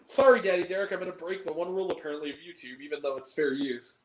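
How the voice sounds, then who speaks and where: A man's voice: on the high side, fast talker, hardly any pauses, fairly bright tone, echoey room, poor audio. A man hosting a movie review, ranting animatedly and swearing freely in casual chat.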